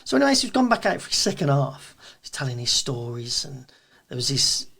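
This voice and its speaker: A man with a Birmingham accent, a guest event promoter chatting casually and telling animated stories, acting out quotes. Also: medium pitch, fairly quick, gravelly. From England. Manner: animated storyteller, acts out quotes. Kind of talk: casual chat.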